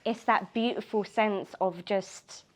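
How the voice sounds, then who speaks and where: A woman, a poet talking casually in a group discussion, animated and laughing often. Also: medium pitch, slow.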